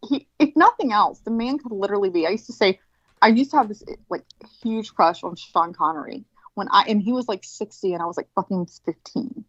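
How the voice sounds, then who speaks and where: A woman's voice: mid-range voice, fairly quick, fairly bright tone, no room sound. A middle-aged woman talks in casual, crude banter, swearing constantly and rambling from one aside to the next. Her voice comes through a muffled, dull line with no room sound around it. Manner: profane, rambling, lots of "like". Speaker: co-host.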